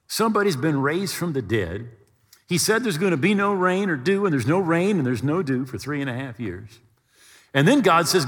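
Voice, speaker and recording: A male pastor preaches with a lively, swooping delivery and a slightly husky tone. He retells a story with relish, lightly voicing its characters. His voice rings out in a large hall with a long reverb. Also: on the high side. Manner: animated storytelling preacher, acting out voices and jokes. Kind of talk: sermon.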